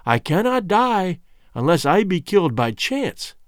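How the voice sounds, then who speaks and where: A man voicing a wicked, ancient female witch-doctor in an audiobook, with a piping, shrill voice and slow, drawn-out threats. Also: big pitch swings, no echo, clean studio sound. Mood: shrieking. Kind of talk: audiobook character voice.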